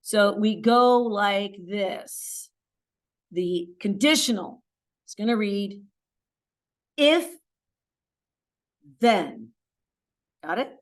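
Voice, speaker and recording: Slow, emphatic woman math teacher. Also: medium pitch. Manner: encouraging, emphatic, stresses key words with hand signals. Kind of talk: classroom lesson video.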